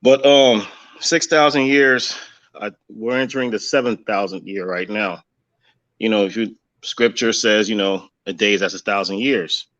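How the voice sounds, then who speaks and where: A man with a lowish voice gives loose, rambling religious commentary, leaning on fillers as he thinks. The audio sounds dull and muffled. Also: normal speed, fairly bright tone.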